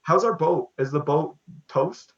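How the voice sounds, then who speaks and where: A man's voice: a little high, a little slow, creaky, echoey room, distant mic. A man playing a tabletop game, easygoing and a bit hesitant, often restarting his sentences. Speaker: player. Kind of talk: casual tabletop play. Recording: dull lo-fi mic.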